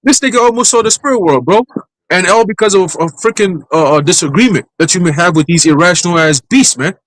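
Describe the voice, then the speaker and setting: A man's voice: high voice, fast, fairly bright tone, dry recording, low-quality recording. A man talking bluntly and profanely in a casual group chat. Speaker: discussion participant.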